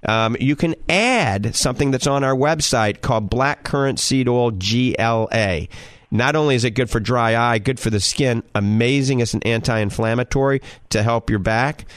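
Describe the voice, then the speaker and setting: A man's voice: medium pitch, normal speed, dry recording, studio quality. A man in his sixties with a New Orleans Cajun accent, hosting a call-in health show and giving advice in an emphatic, instructive way. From Louisiana. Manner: emphatic, instructive, repeats "all right?" and "okay?".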